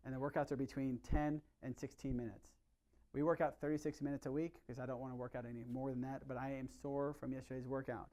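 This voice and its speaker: A middle-aged man, a chiropractor, giving an energetic, conversational health talk to his patients and often asking them questions. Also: mid-range voice. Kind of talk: live workshop talk to patients.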